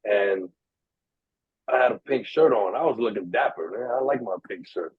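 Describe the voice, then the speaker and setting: Young New man, husky, tinny dry line, animated podcast storyteller. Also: on the low side, moderate pace, dry recording. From New York. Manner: animated storyteller, acts out quoted voices, swears freely. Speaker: podcast co-host. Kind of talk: casual storytelling chat. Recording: tinny, dry, narrow-band sound.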